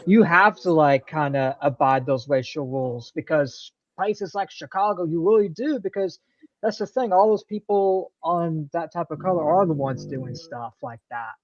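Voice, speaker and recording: A man's voice: a little high, normal speed. A man hosting a casual live stream who agrees readily and rambles, with restarts. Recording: slightly muffled lo-fi mic.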